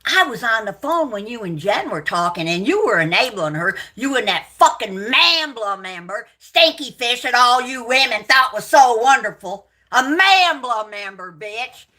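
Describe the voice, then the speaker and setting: A woman on a livestream, angrily ranting at her viewers, swearing and accusing, shouting out names, then muttering to herself between outbursts. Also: on the high side, big pitch swings, moderate pace, few pauses. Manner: profane, accusing, shouting and yelling. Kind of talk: angry livestream rant at viewers.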